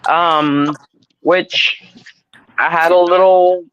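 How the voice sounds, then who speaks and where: A woman joining a livestream as a guest caller, speaking hesitantly with lots of pauses and fillers over slightly dull audio. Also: lowish voice, fairly even intonation, clear, resonant tone, dry recording. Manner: soft-spoken and hesitant, many fillers. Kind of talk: casual chat.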